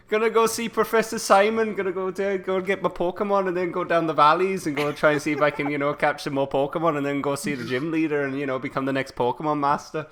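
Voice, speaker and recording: Man doing a jolly high Welsh lad. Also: fairly even intonation, fast, a bit bright, close to an everyday voice. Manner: bouncy, jolly, high put-on voice. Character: boisterous cheery young Welsh male pokemon trainer.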